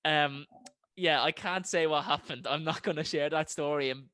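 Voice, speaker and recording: Young male co-host, chatty and casual, slightly high voice, dry recording. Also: steady tone, normal speed, pushed and bright, dry recording. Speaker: podcast co-host. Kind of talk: casual chat.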